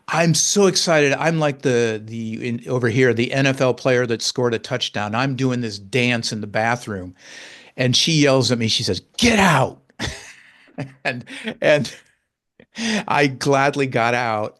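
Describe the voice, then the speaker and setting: A man in his sixties, a guest telling a personal story in conversation, halting, with many restarts and repeated words, earnest and openly emotional. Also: mid-range voice.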